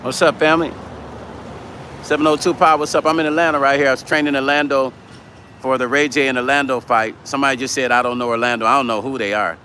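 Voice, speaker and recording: A man hosting a casual livestream, his voice bright and forceful. He talks bluntly and swears freely as he answers viewer comments, with faint city traffic audible in the background. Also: medium pitch, fairly even intonation, fast talker. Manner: blunt and profane, reads viewer comments aloud.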